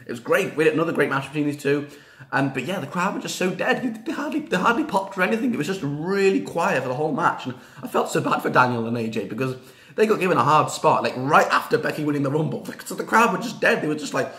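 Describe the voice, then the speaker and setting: A man talks through a fan reaction in a casual, rambling way, full of fillers and restarts. His pitch swings widely as he gets excited. The room around him sounds echoey. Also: quick pace. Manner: excitable, rambling, frequent fillers and repeats, bursts of cheering. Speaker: wrestling reaction vlogger.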